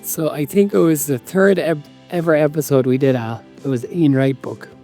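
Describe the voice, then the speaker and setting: Mellow, sheepish man co-host. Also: a little high, normal speed, soft background music. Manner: sheepish, dry, self-deprecating. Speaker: podcast co-host. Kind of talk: casual chat.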